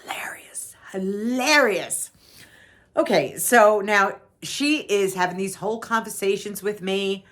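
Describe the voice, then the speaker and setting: A woman's voice: medium pitch, measured pace, few pauses. An older woman with a New York accent, from Long Island, telling a casual story in a chatty voice. She repeats herself often. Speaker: vlogger.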